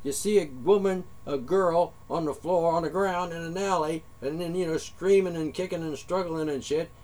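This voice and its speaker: A man's voice: on the high side, normal speed, darkish tone. A man delivering a heated, profane monologue rant straight at his listeners. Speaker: vlogger.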